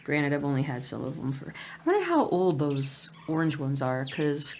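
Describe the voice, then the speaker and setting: Rambling low-voiced woman stitching at home. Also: very animated, normal speed. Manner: rambling, hums nonsense sounds. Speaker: cross-stitch vlogger. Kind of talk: casual chat while stitching. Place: home at night. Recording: noisy home recording with birds.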